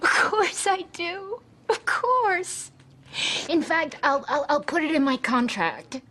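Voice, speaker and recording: An actress playing a sweet, eager young film star who talks in a gushing, affectionate way. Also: female voice, high voice, sing-song, normal speed, a bit bright. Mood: pleading. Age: young adult. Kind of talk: TV movie drama.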